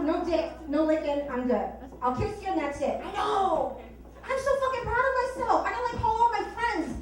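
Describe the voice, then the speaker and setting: Very high-pitched woman comic, frank and bawdy; distant, echoey club recording. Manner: frank, bawdy, self-mocking. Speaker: stand-up comedian; mother of four. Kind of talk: stand-up comedy set. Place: small club stage in Honolulu. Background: audience laughter.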